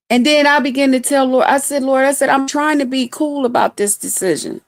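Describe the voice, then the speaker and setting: A woman's voice: high-pitched, dry recording, clean studio sound. A woman hosting a livestream, telling a personal testimony in an emphatic, preachy way and speaking straight to her viewers. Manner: preachy, slow and emphatic, addresses viewers as y'all. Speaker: host.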